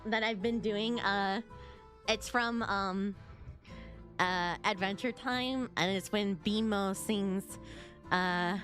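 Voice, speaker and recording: A young adult woman streaming a video game, chatting excitedly to her viewers, often repeating herself and singing silly snippets. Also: medium pitch, slow, soft background music. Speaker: VTuber streamer. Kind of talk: casual gaming stream chat.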